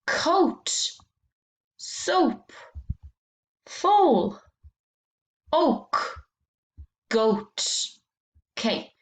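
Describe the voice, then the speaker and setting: A woman teaching a phonics lesson to young children, speaking slowly and clearly, stretching out sounds and encouraging them. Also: medium pitch, roomy sound.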